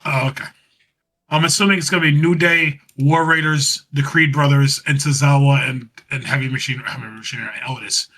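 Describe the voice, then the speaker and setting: A man's voice: medium pitch, fairly even intonation, fairly quick, sharp tone, poor audio. A man co-hosting a podcast, casually recapping wrestling, rambling and laughing as he acts out what was said. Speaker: podcast co-host.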